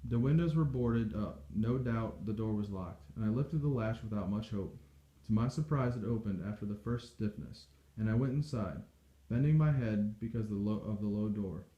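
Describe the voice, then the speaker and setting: A man reading a novel aloud in steady, measured storytelling. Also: lowish voice. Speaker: audiobook reader. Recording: dull echoey home recording.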